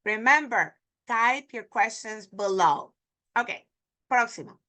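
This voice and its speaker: Bright-voiced teacher. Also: female voice, on the high side, animated. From Puerto Rico. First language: Spanish. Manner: demonstrative, repeating example words slowly. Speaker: Spanish teacher. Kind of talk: online pronunciation lesson.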